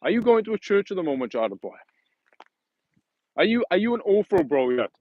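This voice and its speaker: A man's voice: high voice, sing-song, fairly quick, no echo, dull audio. A man hosting a casual livestream outdoors, rambling and correcting himself in a friendly, matey way. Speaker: livestream host.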